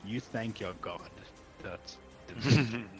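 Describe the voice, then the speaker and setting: A man's voice: on the low side, takes it slowly, faint music behind. Laughing man running a tabletop game. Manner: laughs often, lively storytelling. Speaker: game master.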